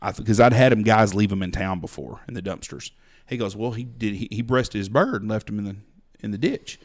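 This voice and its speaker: A man's voice: fairly low pitch, brisk. A middle-aged man, a hunting outfitter telling blunt, folksy stories about clients on a podcast. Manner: folksy, blunt storyteller acting out clients' lines. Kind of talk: casual storytelling chat.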